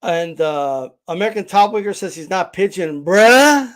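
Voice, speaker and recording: A man's voice: sits high, animated, moderate pace, fairly bright tone. Blunt, profane man hosting a livestream. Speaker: boxing channel host. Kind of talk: livestream rant.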